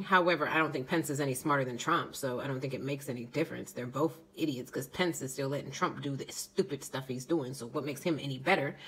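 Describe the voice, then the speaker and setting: A woman's voice: deep voice, a bit bright, husky, rough recording. A young woman vlogger delivering an indignant, sarcastic political rant to her camera. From United States.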